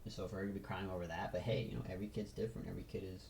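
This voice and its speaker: Male vlogger, mellow and loose, talking to camera through a phone mic. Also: sits low, fairly even intonation, very fast, gravelly, reverberant, slight background noise, low-quality recording. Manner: rambling, loose, full of fillers. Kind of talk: casual rambling vlog.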